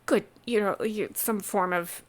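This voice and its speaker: Woman game master narrating a tabletop session; easygoing, stop-start delivery at a medium pitch. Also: smooth. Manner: relaxed, halting narration with many restarts.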